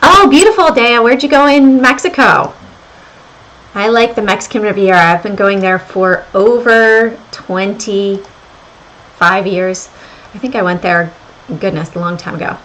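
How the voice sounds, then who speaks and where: This is a casual stock and crypto livestream run by a middle-aged woman with a slight Southern American accent, broadcasting from a home room under renovation. Her medium-pitched voice is unhurried, though the audio quality is poor. She's chatty, voicing viewer comments and her own thoughts as they come.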